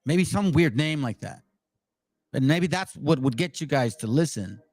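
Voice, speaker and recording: A fiery, blunt man with a fairly high voice hosts his own Bible channel. He moves between plain, direct commentary and scripture read aloud. The sound is dry and close, with almost no room echo. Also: lively intonation, normal speed, darkish tone. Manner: fiery, emphatic.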